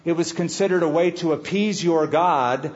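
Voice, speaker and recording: A man preaching a sermon, reading scripture slowly and with weight, then breaking into conversational asides to the congregation. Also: fairly high pitch, a little mellow, highs cut off. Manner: expository preaching, reads scripture slowly and emphatically. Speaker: pastor.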